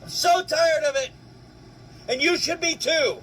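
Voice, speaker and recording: Furious high-pitched ranting man. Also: a little slow, slight background noise, low-quality recording. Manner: shouting, swearing, rhetorical questions. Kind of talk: angry rant to camera.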